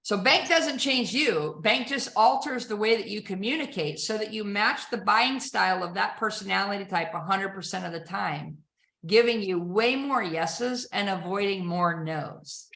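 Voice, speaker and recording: Bright, emphatic woman sales trainer. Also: medium pitch, normal speed, creaky. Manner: emphatic, rhetorical questions to the audience. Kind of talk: energetic sales presentation. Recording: echoey room.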